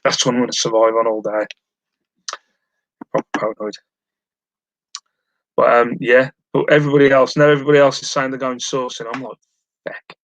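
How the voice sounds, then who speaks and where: Streaming live from home, a man chats casually and rambles while reading his viewers' messages aloud, joking at his own expense. His medium-pitched voice stays level and brisk, broken by long pauses. There's no echo, but the audio quality is poor.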